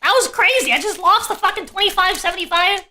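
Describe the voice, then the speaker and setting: A woman streaming herself playing a text game, reacting excitably and swearing freely. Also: very high voice, fast talker.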